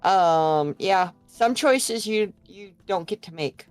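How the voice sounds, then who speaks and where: An older woman, a podcast guest, chatting casually in a frank, unhurried way. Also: mid-range voice, expressive, faint music behind. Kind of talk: casual chat.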